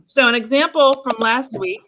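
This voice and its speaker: A woman's voice: high voice, moderate pace, fairly bright tone, poor audio. A woman hosting an online improv game in a casual, bubbly way, laughing often.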